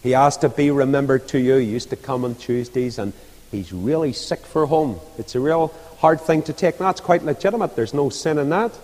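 This man, from Northern Ireland, preaches an impassioned evangelistic sermon that builds to fervent appeals. His mid-range voice is a little mellow and moves at a normal speed, echoing through a hall with long reverb.

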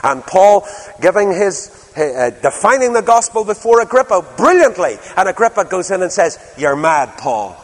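A man's voice: sits high, lively intonation, normal speed. An older man preaching a sermon, telling stories animatedly and asking his listeners rhetorical questions. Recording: long hall reverb.

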